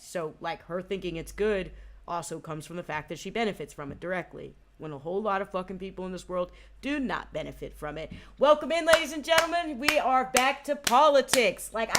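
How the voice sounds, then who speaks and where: A woman's voice: mid-range voice, fairly bright tone. Chatty, rambling woman game streamer. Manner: rambling, chatty, swears freely. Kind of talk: casual gaming commentary.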